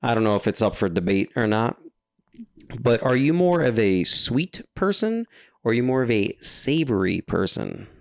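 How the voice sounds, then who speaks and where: A man's voice: medium pitch, big pitch swings, normal speed, vocal fry, no echo. A man co-hosting a comedy podcast, joking and mock-boastful, close to the mic. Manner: joking, mock-boastful, drops into silly voices. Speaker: podcast co-host. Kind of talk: casual comedy chat.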